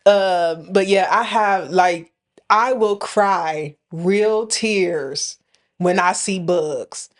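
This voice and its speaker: Animated woman telling a podcast story. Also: on the low side, extremely slow. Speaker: podcast co-host. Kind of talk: casual storytelling chat.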